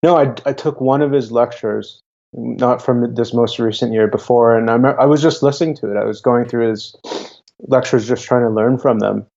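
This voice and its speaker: A young man talks in a relaxed interview, halting often. His low voice is gravelly and mellow. The audio is dull and lo-fi. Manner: halting, with frequent restarts. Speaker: guest, YouTuber. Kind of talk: casual interview talk.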